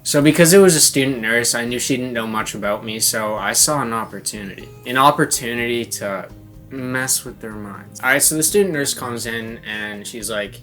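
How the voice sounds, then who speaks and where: A young man vlogging, telling an embarrassing story in a casual, animated way and laughing often, with guitar music playing behind. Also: mid-range voice, normal speed.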